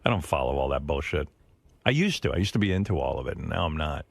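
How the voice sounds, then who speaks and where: A man's voice: rumbling low, expressive, fast, gravelly, husky, no room sound. A middle-aged man hosting a radio show, telling a long rambling story in casual studio chat and acting out the people he quotes. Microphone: studio microphone.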